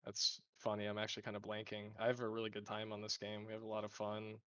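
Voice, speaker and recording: A man's voice: lowish voice, completely flat delivery, quick pace, bright, forceful tone, no room sound, lo-fi sound. A man who leads a gaming guild, answering interview questions in a casual, rambling way, swearing freely and acting out what others said. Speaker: guild leader.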